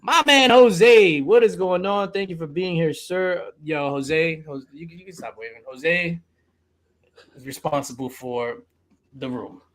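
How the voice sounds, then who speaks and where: A man's voice: fairly high pitch, unhurried. A man hosting a casual live-stream podcast chat, loose and joking, swearing freely. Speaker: podcast host.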